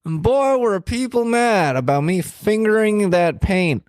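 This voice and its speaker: A man putting on the voice of a stammering, rambling elderly male politician, full of halting repeats and folksy asides. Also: high-pitched, animated, a little mellow, dry recording, clean studio sound, pitched above the performer's own voice.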